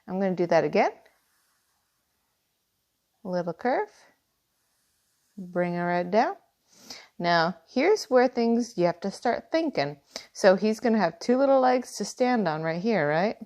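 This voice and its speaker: A woman walks viewers through a cartoon drawing, step by step. Her voice sits at a middle pitch. She explains each stroke gently as she draws. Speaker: art teacher. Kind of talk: drawing tutorial.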